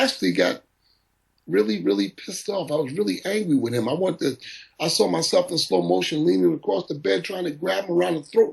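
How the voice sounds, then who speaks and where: A man's voice: high voice, fairly quick, creaky, rough recording. A middle-aged man, a boxing trainer, telling stories in an interview and acting out the people he quotes. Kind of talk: storytelling in an interview.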